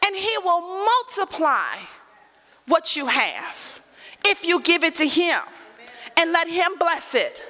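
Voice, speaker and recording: A woman pastor delivers a sermon in a high, bright voice. She builds with repeated lines and calls out to the congregation, then slips into a chatty storytelling tone. The sound carries a long hall reverb. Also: big pitch swings, slow.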